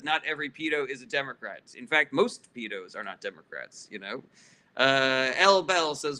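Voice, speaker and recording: Hosting a casual livestream, a man with a bright, forceful, mid-range voice reads chat questions aloud one after another. His answers are blunt and profane, peppered with ums and uhs, and with some chatters he gets heated and sarcastic.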